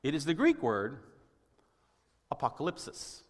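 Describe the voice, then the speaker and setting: A man pastor giving a sermon in a church, wry and conversational, often clearing his throat. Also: medium pitch, lively intonation, brisk, pauses often. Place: church sanctuary. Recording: long hall reverb.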